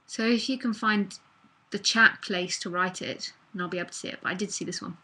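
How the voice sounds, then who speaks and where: A woman's voice: mid-range voice, fairly even intonation, brisk, sharp tone, slightly rough, rough recording. A woman speaking as a spiritual teacher in a live online talk, earnest and casual, with fillers and the odd swear word, into a computer mic.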